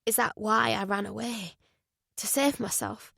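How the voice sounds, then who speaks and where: A woman reading a fragile young amnesiac hospital patient in an audiobook, with a soft, hushed voice. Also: medium pitch, steady tone, measured pace, gravelly, slightly rough, no echo, clean studio sound, exaggerated voice. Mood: distressed.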